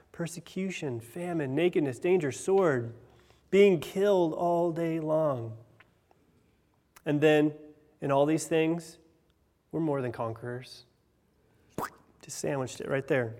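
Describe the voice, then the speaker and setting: Male pastor in his 30s, earnest sermon delivery with loud and soft swings, slightly high voice, reverberant church hall. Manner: earnest preaching, swells louder on key phrases, drops soft on others.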